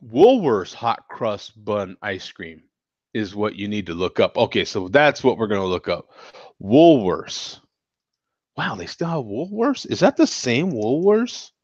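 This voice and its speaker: A man from the United States hosting a casual chat show, reacting to viewer comments with frequent laughs and animated exclamations. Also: on the low side, unhurried, no room sound. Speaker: show host. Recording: dull, dry lo-fi sound.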